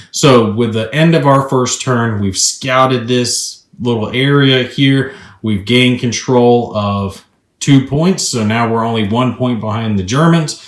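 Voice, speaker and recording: A man reviewing a board game, talking through his moves and the rules in a chatty, upbeat way. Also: medium pitch. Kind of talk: casual tabletop gameplay walkthrough. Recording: roomy echo.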